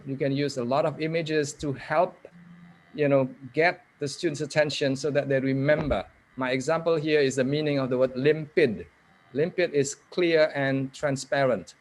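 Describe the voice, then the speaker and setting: Man, slightly high voice, coaching tone, online lecture. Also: steady tone, moderate pace. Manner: coaching, repeats words, prompts participants by name. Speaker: keynote speaker teaching English pronunciation. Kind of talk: online lecture with audience drills.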